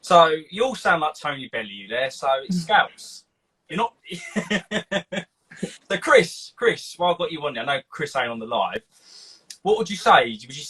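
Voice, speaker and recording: Husky, bright-voiced male live-stream host. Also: on the high side, rough recording. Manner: chatty, animated storyteller acting out quotes. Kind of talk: casual live-stream chat.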